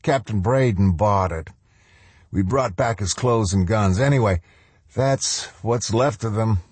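Disfigured cruel soldier, clipped and eager, man voices him; husky, dry read. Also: fairly low pitch, a little slow, darkish tone, no room sound, pitched above the performer's own voice. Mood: reporting.

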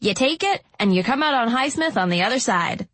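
A woman voicing a cunning older homeless woman in an audiobook, who talks in a slow, husky, chiding drawl. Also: fairly high pitch, lively intonation, a bit bright, no echo, voice pushed up. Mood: wheedling. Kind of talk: audiobook narration.

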